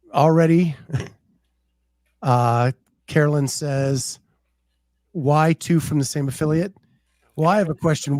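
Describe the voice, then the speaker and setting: A male podcast host chatting at an unhurried, slow pace. His voice is fairly high and mellow, recorded dry and close. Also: dry recording. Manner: unhurried, chatty, reads names off a post. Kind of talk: casual chat.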